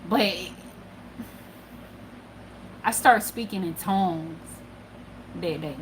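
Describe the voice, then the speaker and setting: A woman telling a personal story casually, profane and animated, dropping low then getting loud. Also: extremely slow, a little hiss or hum. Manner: animated and profane, swinging between hushed and loud. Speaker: spiritual channel host.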